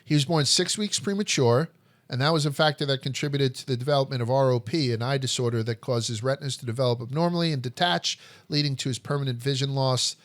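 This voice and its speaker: A man's voice: medium pitch, quick pace, no room sound. A man hosting a history podcast, telling stories in a blunt, profane, joking way. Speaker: podcast host. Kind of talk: casual history chat.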